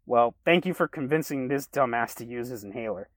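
A man's voice: medium pitch, lively intonation, fairly quick, dry recording, voice pushed up, lightly acted. A man voicing a protective young man who scolds his friend, in a read-aloud story. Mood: scolding. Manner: exasperated, scolding.

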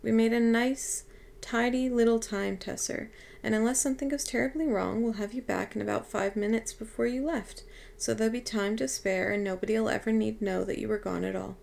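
Woman reader doing a chatty, gravelly old being, brisk and soothing, audiobook. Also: on the high side, fairly even intonation, darkish tone. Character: cheerful eccentric old female otherworldly being. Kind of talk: audiobook reading.

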